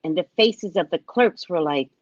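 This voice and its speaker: A woman hosting her show, casually telling a funny travel story, animated and acting out what people said, often asking "right?". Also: on the low side, moderate pace, lo-fi sound. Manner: animated, acts out other people's lines; frequent tag question "right?". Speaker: show host and psychic reader.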